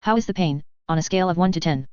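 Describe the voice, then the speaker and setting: Female reader doing a cocky male field medic; hits each syllable hard, crisp and dry. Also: on the low side, quick pace, darkish tone, no room sound, close to an everyday voice. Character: adult male medic, blunt and smug. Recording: slightly dull recording.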